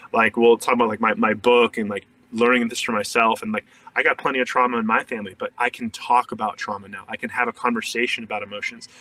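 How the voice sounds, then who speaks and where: A man's voice: medium pitch, sharp tone, distant mic, poor audio. A man, a shadow work coach, talking earnestly in a casual podcast interview, full of "like" fillers and restarts.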